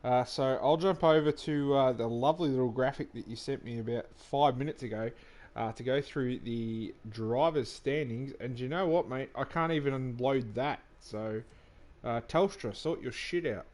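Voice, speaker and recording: A man with an Australian accent doing relaxed live commentary on a sim racing league, trading dry banter and reading out standings with plenty of fillers. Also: medium pitch, moderate pace.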